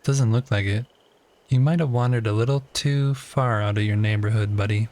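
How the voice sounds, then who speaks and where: A man's voice: on the low side, moderate pace, darkish tone. A man livestreaming a game, casually chatting with his viewers and teasingly talking to the creatures he meets.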